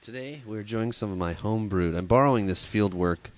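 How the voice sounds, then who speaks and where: A man's voice: lowish voice, fairly quick. A man co-hosting a podcast in casual chat, rambling with lots of "like" fillers. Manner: rambling, filler-heavy talk. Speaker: podcast co-host.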